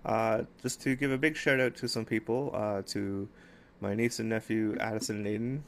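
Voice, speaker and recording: A middle-aged man talking casually to his viewers in a rambling way, with many fillers and warm shout-outs. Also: fairly low pitch, fairly even intonation, normal speed. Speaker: gaming YouTuber. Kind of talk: casual vlog talk to viewers. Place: outdoors at sunset.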